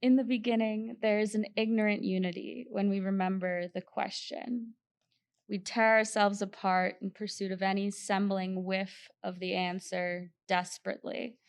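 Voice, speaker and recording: A woman reading her own poem aloud at a poetry event, solemn and deliberate. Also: mid-range voice, flat delivery, creaky. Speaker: local poet.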